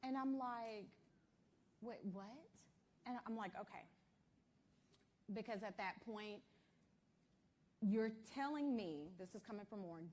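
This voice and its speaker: A woman's voice: medium pitch, a little slow, long pauses, darkish tone, slight background noise. A woman speaking on a panel as a mother, retelling events urgently and emphatically. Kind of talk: recounting events to an audience.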